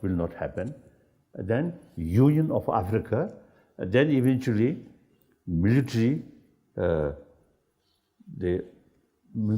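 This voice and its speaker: An older man who is not an English speaker, talking in a halting, searching way with many fillers and ready laughs. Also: on the low side. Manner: laughs easily, animated. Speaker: spiritual leader in dialogue. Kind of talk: unscripted dialogue.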